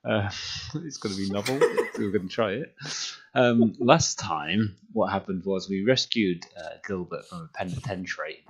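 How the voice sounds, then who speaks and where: A man's voice: low voice, moderate pace, few pauses, slightly rough. A man running a tabletop game, recapping in a chatty way with many ums and dry jokes. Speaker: game master. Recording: dull lo-fi audio.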